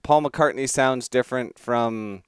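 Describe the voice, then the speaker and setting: A man's voice: mid-range voice, measured pace, clear, resonant tone, no echo, studio quality. Playful, teasing man on a podcast. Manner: playful, teasing, laughs easily. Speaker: podcast co-host. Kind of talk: casual sports podcast chat.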